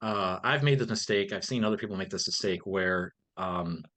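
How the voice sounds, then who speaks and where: A man's voice: sits low, moderate pace, a bit bright. A man speaking as a podcast guest in a casual interview, earnest and reflective, with frequent "um" and "like". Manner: earnest, reflective, many fillers.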